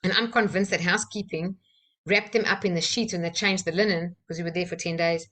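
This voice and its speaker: A woman, a personal-development trainer from South Africa, telling a candid personal story with soft laughs and fillers. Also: on the low side, fairly even intonation, fast.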